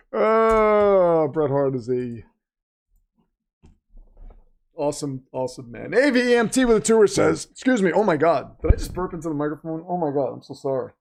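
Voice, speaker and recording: Hosting a live game watch-party stream, a man chats casually, jokes around, reads donations aloud and mocks the team's managers. His voice sits on the high side, creaky and a little mellow.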